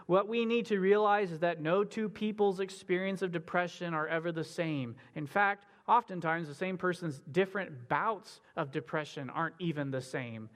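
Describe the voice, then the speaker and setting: Man, sermon-style teaching, earnest and casual, somewhat high pitch, reverberant hall. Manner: earnest, conversational, with frequent fillers. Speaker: teacher on biblical counseling.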